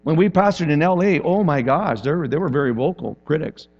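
A man's voice: on the high side, a little fast, dull audio. A male pastor giving a conversational sermon, often acting out quotes from people in his stories. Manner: conversational and animated, with acted-out quotes.

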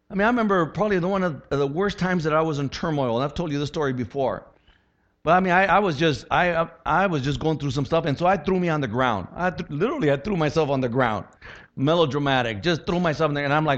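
A man preaching a sermon as a pastor, animated, acting out quotes and voices as he teaches. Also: a little high, brisk, highs cut off.

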